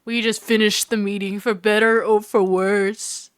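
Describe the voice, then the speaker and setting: A woman reading the lines of a gruff, loyal male police detective in a slightly lowered voice. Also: level tone, a little slow, dry recording, clean studio sound, natural voice.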